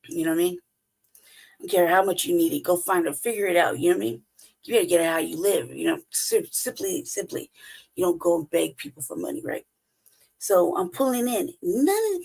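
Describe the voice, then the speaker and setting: Gravelly, husky woman ranting profanely. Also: mid-range voice, darkish tone, low-quality recording. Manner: profane, blunt, laughing often. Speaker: podcast co-host. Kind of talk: casual storytelling rant.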